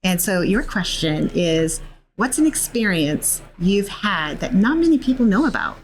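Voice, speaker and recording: A woman hosting a casual interview, upbeat and quick to affirm what her guest says. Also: mid-range voice, big pitch swings. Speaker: interview host.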